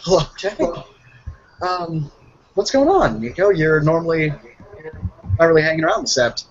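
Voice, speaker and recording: A man's voice: on the high side, animated, a little slow. A man running an online tabletop role-play as game master, joking and easily flustered. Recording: muffled voice chat with faint noise.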